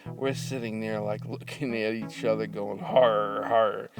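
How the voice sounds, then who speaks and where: An older man casually telling a story from his youth, halting with fillers and restarts, with a dry sense of humor. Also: fairly low pitch, steady tone, over music.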